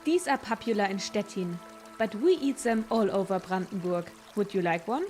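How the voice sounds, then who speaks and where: A woman's voice: mid-range voice, moderate pace, soft background music, lightly acted. Woman playing Dorothea, German-accented market baker. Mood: proud. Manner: warm, hospitable sales patter. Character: cheerful adult woman baker at a market stall.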